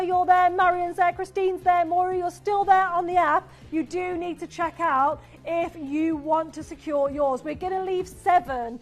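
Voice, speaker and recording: A woman presenting on a shopping channel, pitching jewellery live with enthusiasm and reading out viewer messages. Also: a little mellow.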